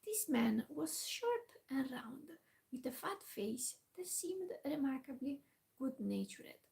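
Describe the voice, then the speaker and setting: A woman in a whispered role-play, reading a classic storybook aloud softly with quiet asides. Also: high-pitched, very animated, slow pace, gravelly, poor audio.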